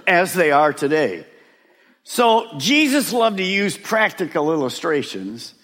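A man preaching a sermon as pastor, emphatic, with dramatic pauses on key words. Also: on the high side, a bit bright. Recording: reverberant hall.

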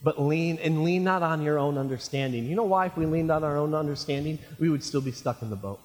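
A male pastor in his thirties preaches with a slightly high voice, pulling the congregation in with questions. He swings from raised, ringing lines down to near-whispers. The sound carries a long reverb, like a church hall. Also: fast talker. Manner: preaching with call-and-response questions, voice swinging from shouts to near hush. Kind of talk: sermon. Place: church sanctuary.

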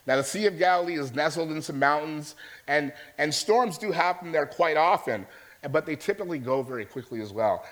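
A man preaching to his congregation, his voice sitting a little on the high side. He tells the story as a conversation, often pausing to check that his listeners are following him. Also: fairly bright tone. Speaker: pastor. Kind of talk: sermon.

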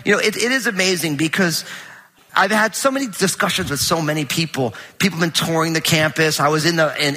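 A middle-aged man preaching a conversational sermon in a large church auditorium, animated and full of anecdotes with quoted dialogue. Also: fairly high pitch, big-room sound. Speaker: pastor.

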